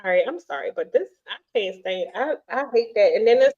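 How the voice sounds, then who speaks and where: A woman's voice: medium pitch, lively intonation, a little fast, a little mellow, dull audio. A woman co-hosting a casual chat podcast, ranting bluntly and often restarting her sentences. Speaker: podcast co-host.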